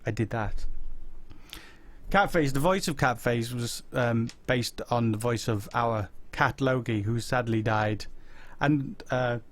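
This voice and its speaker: A man hosting a casual live-stream chat, rambling through viewers' comments with deadpan silly humor. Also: medium pitch, slow. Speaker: host.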